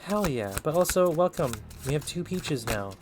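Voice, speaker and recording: A man does a casual tarot reading on a livestream, chatting loosely and in an upbeat way straight to his chat viewers. His voice is fairly high with lively intonation at a normal speed, and there is background noise.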